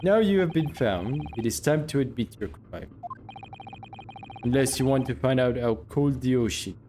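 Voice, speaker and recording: A man voicing a gruff male Russian sailor with an attempted Russian accent, speaking in a stiff, menacing way. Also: mid-range voice, animated, moderate pace, warm tone, a little hiss or hum, close to an everyday voice. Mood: accusing.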